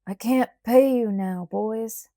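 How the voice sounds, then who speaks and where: A woman reader plays a calm, firm frontier father in a storybook. He speaks quietly and coolly, never rushing. The voice is mellow and slow. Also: a little high, no echo, studio quality. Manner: quiet and cool.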